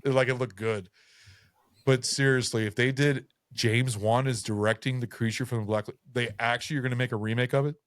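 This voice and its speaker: A man's voice: mid-range voice, fairly even intonation, fairly quick, no echo, studio quality. A tipsy man hosting a podcast, rambling casually with lots of fillers and swearing. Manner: loose, profane, rambling with fillers. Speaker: podcast host. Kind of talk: casual chat.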